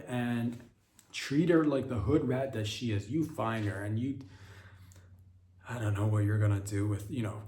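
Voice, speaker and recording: Man, comedy podcast host, absurd mock-serious rant, rambling restarts, mid-pitched voice, echoey room. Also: darkish tone, a little hiss or hum. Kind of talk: absurd deadpan comedy monologue.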